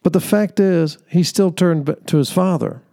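A warm, creaky, high-pitched male voice at normal speed belongs to a young podcast host. In a reflective monologue, he earnestly recounts a faith-based story, laughing and using fillers as he goes.

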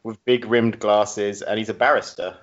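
A young man talks in an easy, hesitant way, pausing on "um"s. His voice is fairly low, and the recording is dull and lo-fi. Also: steady tone. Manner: laid-back, hesitant, with "um"s. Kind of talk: casual comedic podcast chat. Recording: dull lo-fi audio.

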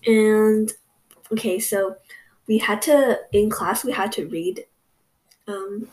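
A young woman telling a story on a casual podcast, rambling and full of "like". She quotes the people she talks about, at a middling pitch. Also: slow, a little mellow. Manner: rambling, fillers like "like", quoting others. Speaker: podcast co-host.

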